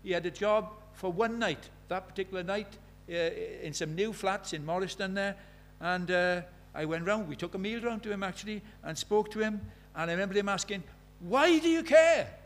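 A man's voice: sits high, fairly even intonation, brisk, few pauses, a bit bright. A man preaching a sermon, earnest and questioning, retelling conversations as dialogue.

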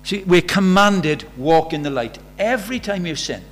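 A man's voice: high voice, expressive, moderate pace. A man preaching a sermon in a conversational way, asking the congregation rhetorical questions. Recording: faint mains hum.

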